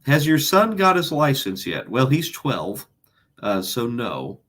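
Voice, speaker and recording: Brief: man, laid-back livestream host, deadpan answers, animated pitch, mid-range voice. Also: slow. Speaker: host answering viewer questions. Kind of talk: casual livestream Q&A.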